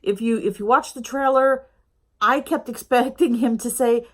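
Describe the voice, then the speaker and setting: A woman's voice: a little high, moderate pace, slightly rough. A middle-aged woman from the United States giving a casual review at home, chatty and rambling, with lots of ums and uhs. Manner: chatty, rambling, with many fillers. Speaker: YouTube reviewer. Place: home with a snoring pet dog nearby.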